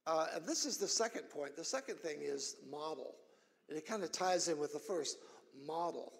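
A middle-aged man preaching a sermon as pastor, earnest, repeating phrases and building up to shouted emphasis. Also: on the high side, animated, normal speed, vocal fry, in a large hall. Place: church sanctuary.

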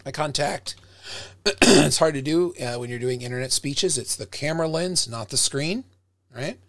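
A middle-aged man, a professor, giving an animated, direct lecture on public speaking to his students, recorded close to a webcam mic. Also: fairly high pitch, normal speed, no room sound. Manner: animated, direct, demonstrates tones by acting them out.

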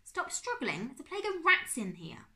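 A woman's voice: mid-range voice, wildly swooping pitch, fairly quick, fairly bright tone, pitched above the performer's own voice. A woman reading as a blustery uncle archaeologist. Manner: huffy, exclaiming, jolly. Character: eccentric adult male archaeologist uncle, blustery.

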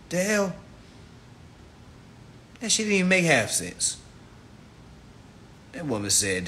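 A man hosting a live stream, loud and blunt, with plenty of cursing. His voice sits a little high, with a bright, tense edge. He rants and coaches viewers in the same forceful way. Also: very animated, moderate pace, long pauses. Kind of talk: profane ranting and coaching.

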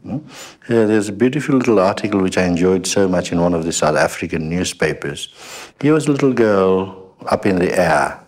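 A man giving a spiritual talk to an audience as a teacher, deliberate and ending points with a questioning "hmm?". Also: low voice, lively intonation, darkish tone. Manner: slow, deliberate, with "hmm?" tags.

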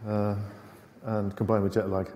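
A man's voice: on the low side, little pitch movement, normal speed, warm tone, slight background noise. A middle-aged British man giving a technical conference lecture in a university lecture theatre, with dry sarcastic asides and many fillers. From Britain. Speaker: conference speaker. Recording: reverberant lecture hall.

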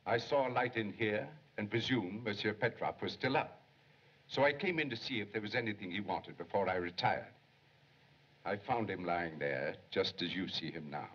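A man's voice: lowish voice, normal speed, fairly bright tone, breathy edge. An actor playing an anxious, deferential male household servant who recounts events carefully and dutifully. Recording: dull lo-fi 1930s film soundtrack.

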